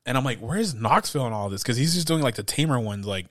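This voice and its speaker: A man's voice: medium pitch, lively intonation, fast talker, no room sound, clean studio sound. A man co-hosting a podcast in casual chat, rambling with lots of laughs and acted-out quotes. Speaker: podcast co-host.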